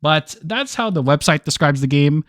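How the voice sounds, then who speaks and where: A man's voice: on the high side, animated, normal speed, fairly bright tone, dry recording, clean studio sound. A man hosting a casual online game discussion, joking and laughing often as he leads the questions. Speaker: podcast host.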